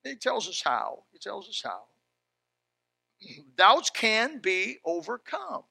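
A man preaching a sermon in a folksy, fervent way, dropping to a hush and then rising loud. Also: sits high, wildly swooping pitch, takes it slowly, gravelly, long pauses, breathy edge, no room sound. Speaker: pastor.

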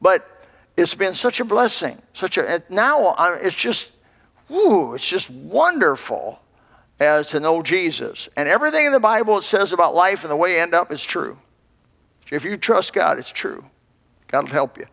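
Older male pastor, folksy rambling sermon, slightly high voice, long hall echo. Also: lively intonation, moderate pace, vocal fry, a bit bright. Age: 60s. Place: church.

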